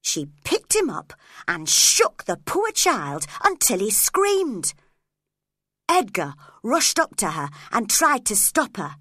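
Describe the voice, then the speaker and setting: A woman reads a classic novel aloud, telling it in the first person with lively, expressive pitch. Her voice is bright and clear, and her pace is slow and careful. The recording is close and dry. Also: dry recording. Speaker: audiobook narrator. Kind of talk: scripted narration of a novel.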